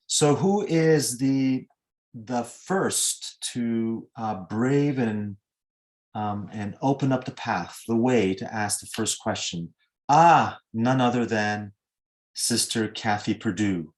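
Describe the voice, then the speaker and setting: A man's voice: medium pitch, slow pace. A man moderating a video-call question session, courteous and lightly joking, with frequent ums and uhs. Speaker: moderator of an online Q&A.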